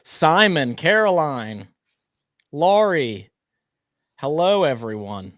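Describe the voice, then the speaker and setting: A man's voice: on the high side, sing-song, slow pace, a bit bright, no room sound, clean studio sound. A man co-hosting a casual live stream, chatty and greeting viewers by name, sometimes tripping over his words. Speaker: livestream co-host.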